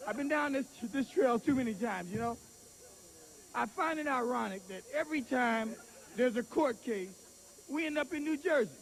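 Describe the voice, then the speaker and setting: A man who manages and trains a boxer, hurling loud taunts with a preacher-like rhetorical cadence and at a press conference. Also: very high-pitched, lively intonation, normal speed, low-quality recording. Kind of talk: fiery press conference trash talk. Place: crowded press conference hall.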